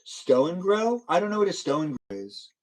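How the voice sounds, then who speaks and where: A man's voice: high-pitched, sing-song, normal speed, a little mellow. A young man live streaming, chatting casually and teasing his viewers as he reads their comments, laughing often. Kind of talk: casual livestream chat reading viewer comments.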